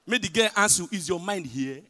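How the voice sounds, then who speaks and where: A man with a Nigerian accent performing a stand-up comedy set in pidgin, telling stories with big swings between loud punchlines and hushed asides. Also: high voice, lively intonation, fairly quick. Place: large hotel event hall. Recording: live hall reverb.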